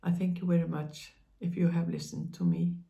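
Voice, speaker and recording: A woman on her own spiritual channel speaks in a low-ish, creaky voice, very animated. Though gentle and tender in reassuring her listeners, her monologue halts often with pauses and fillers.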